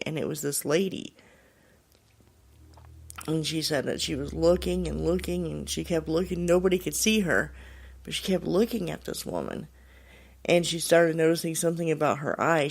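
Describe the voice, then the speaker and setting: A man's voice: a little high, creaky. A man hosting a show, casually retelling a listener's paranormal story in a rambling way, full of fillers. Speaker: podcast host.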